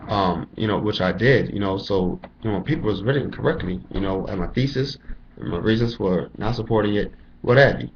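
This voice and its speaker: Young man ranting, low dull voice. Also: brisk, slight background noise. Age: young adult. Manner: profane, rambling, lots of "you know" fillers. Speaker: college student telling his story. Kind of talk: casual storytelling rant. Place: indoors at home, dim room.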